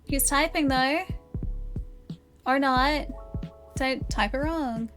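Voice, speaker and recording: Aussie woman streaming, slow easy talk, chatting to viewers while she figures stuff out. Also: sits high, fairly bright tone, soft background music. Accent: Australian. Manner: thinking aloud, chatting with viewers. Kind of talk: casual live-stream chat.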